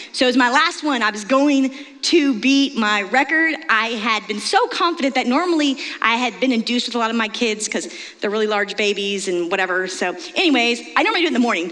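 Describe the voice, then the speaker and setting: A middle-aged woman pastor with a light Texan accent preaches in a lively storytelling way. Her voice sits high, and it rings out with a long reverb in a large church hall. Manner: lively storytelling, confiding and animated. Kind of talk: sermon.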